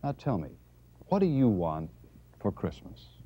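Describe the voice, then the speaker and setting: A man voicing a weary older department-store Santa who speaks gently and hesitantly, on a dull lo-fi 1970s TV tape. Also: fairly low pitch, big pitch swings, a little slow, voice pushed up. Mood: gentle.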